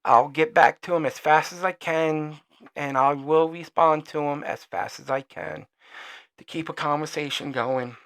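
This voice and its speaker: A man's voice: a little high, fairly even intonation, measured pace, vocal fry. Profane, rambling man ranting on a podcast. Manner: trails off quieter when signing off. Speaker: podcast host. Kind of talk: solo opinion rant.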